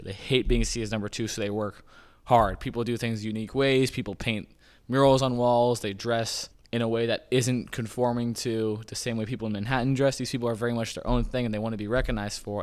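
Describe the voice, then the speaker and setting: A man hosting a podcast, explaining things in a loose, rambling way, often saying "kind of" and "like". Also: medium pitch. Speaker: podcast host. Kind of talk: casual informational talk.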